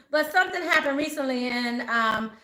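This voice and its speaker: A middle-aged woman, a spiritual advisor, talking casually and animatedly to her viewers and acting out what people say. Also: high-pitched. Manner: animated, acts out quoted voices. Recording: roomy echo.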